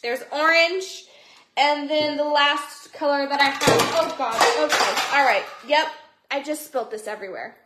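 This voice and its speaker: A woman's voice: high-pitched, a little slow, heavy background noise. A woman hosting a casual livestream from home into a phone, chatty and bubbly as she greets viewers by name. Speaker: livestream seller. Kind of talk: casual livestream sales chat. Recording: echoey room.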